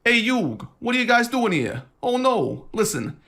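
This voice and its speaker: A man's voice: very high voice, sing-song, unhurried, bright, forceful tone, pitched above the performer's own voice, exaggerated voice. A man voicing a brash young male cook in an exaggerated Brooklyn accent, within a video essay. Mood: breezy. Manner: breezy, exaggerated impression.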